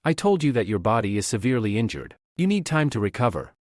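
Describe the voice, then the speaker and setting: A confident young male alchemist, voiced by a man in a comic recap, speaking calmly and matter-of-factly with a lively, moving pitch. The recording is dry and close. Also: fast talker, no echo, close to an everyday voice.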